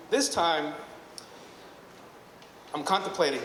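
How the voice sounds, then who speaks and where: At a normal pace and a fairly high pitch, a man tells a live audience a rambling, chatty personal story, often correcting himself. The recording comes from an echoey hall at a storytelling evening, with long reverb and slight noise.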